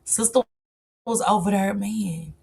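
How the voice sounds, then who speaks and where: Woman doing a casual livestream, AAVE, keeps shouting out viewers by name, stretches her hellos. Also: medium pitch, vocal fry, breathy edge. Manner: greets chat viewers by name, drawn-out excited calls. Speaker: livestream host.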